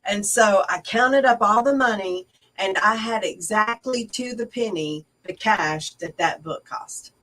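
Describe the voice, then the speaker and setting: A middle-aged woman co-hosting a casual online discussion, telling stories in a chatty, animated way. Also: medium pitch, unhurried. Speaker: co-host. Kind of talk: casual discussion on a video call. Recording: distant from the mic.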